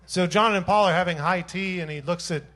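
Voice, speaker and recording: A man's voice: high voice, brisk, fairly bright tone. Playful rambling bandleader, a man. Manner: playful, rambling, self-mocking storyteller. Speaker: bandleader and singer. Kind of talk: joking stage banter between songs. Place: live jazz showcase stage.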